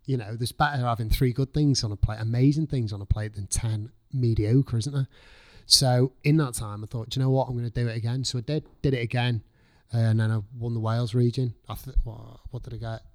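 A man's voice: medium pitch, fairly quick. Chef guy chatting away, swears a lot, acts out his own thoughts, normal mid voice. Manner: swears freely, lively storytelling, acts out own past thoughts. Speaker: chef guest. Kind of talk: casual podcast chat.

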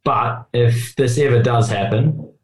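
A man's voice: medium pitch, a little slow. A man speaking as a rules expert on a podcast, explaining in a hesitant way with many fillers. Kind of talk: casual chat. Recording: echoey room.

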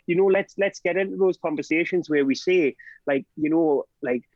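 Fired-up Geordie bloke ranting on a podcast, bit higher voice, muffled dry recording. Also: male voice, no room sound. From Northeast England. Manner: animated, sweary, rapid rants peppered with "right?" and "do you know what I mean". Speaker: podcast guest, drug harm-reduction trainer. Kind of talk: passionate podcast conversation. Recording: dull, dry podcast audio.

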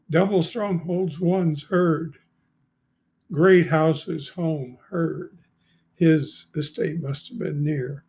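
A man in his seventies reading scripture aloud slowly and deliberately, adding brief asides of commentary. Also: fairly high pitch, a little mellow. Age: 70s. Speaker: Bible reader and commentator.

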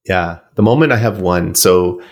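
Very deep-voiced man telling stories. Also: moderate pace. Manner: chatty, rambling, with filler words. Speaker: podcast guest. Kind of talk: casual storytelling in an interview.

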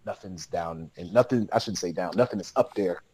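A man's voice: deep voice, a little fast, darkish tone, husky, dry recording, low-quality recording. A man, a podcast guest, telling a long story in casual, slangy speech with lots of laughter.

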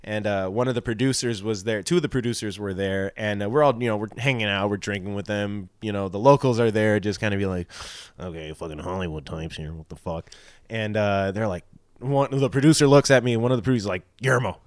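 A man's voice: lowish voice, fast talker, smooth, no echo, clean studio sound. Profane rambling man telling a story. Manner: profane, rambling, animated with quoted voices. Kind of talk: casual storytelling chat.

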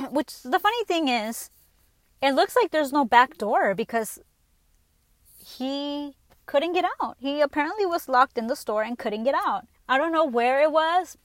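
High-voiced woman ranting bluntly. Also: measured pace, dry recording. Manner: blunt, profane, animated storytelling. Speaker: podcast host. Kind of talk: casual ranting monologue.

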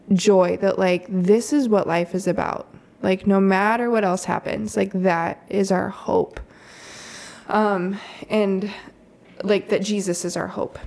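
Woman, 30s, mother recounting a story; conversational, filler-heavy, slight vocal fry. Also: medium pitch. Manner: chatty, lots of "like" and soft laughs. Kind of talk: casual storytelling chat.

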